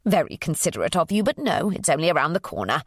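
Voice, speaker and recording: A woman voicing an elderly, kindly housekeeper with warm, proper, old-fashioned phrasing. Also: deep voice, very animated, quick pace, no room sound, clean studio sound. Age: older.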